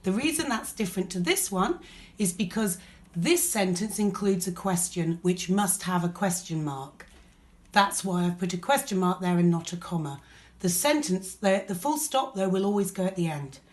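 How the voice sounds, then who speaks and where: A woman's voice: medium pitch, expressive, normal speed. Woman, English accent, primary teacher, patient, recorded lesson. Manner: patient, explains step by step.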